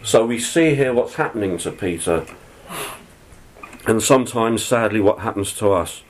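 A man's voice: on the low side, animated, moderate pace, slight background noise, poor audio. A man preaching a sermon, reading scripture aloud and then explaining it in an earnest, conversational way. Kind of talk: sermon, Bible teaching.

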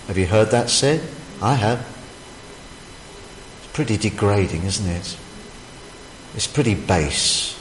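A man's voice: on the low side, slight background noise. A man preaching a sermon, emphatic and full of rhetorical questions. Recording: echoey hall, faint ambience.

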